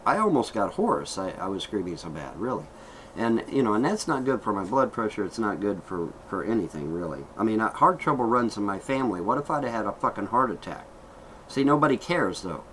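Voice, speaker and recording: A man's voice: mid-range voice, a bit bright, a little hiss or hum, low-quality recording. A middle-aged man vlogging an aggrieved, heated rant, swearing and repeating himself as he airs his complaints. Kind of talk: angry vlog rant.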